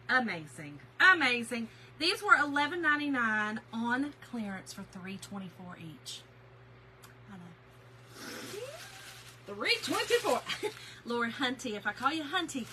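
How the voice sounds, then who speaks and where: A woman hosting a casual craft haul livestream, chatty and excitable, greeting viewers by name. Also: on the high side, a little hiss or hum, poor audio. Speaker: craft channel host.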